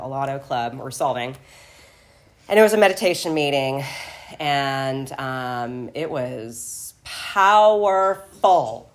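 A woman with a low voice shares her recovery story in an emotional, tearful way. She rambles along with plenty of fillers and restarts. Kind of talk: personal testimony at a recovery meeting.

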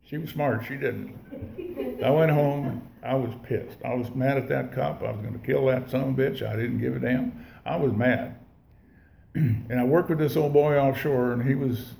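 A man's voice: medium pitch, moderate pace, vocal fry, dark tone, a little hiss or hum. A man sharing his recovery story with an audience in a rambling, profane, folksy way, full of restarts. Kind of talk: casual spoken storytelling to an audience. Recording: echoey room.

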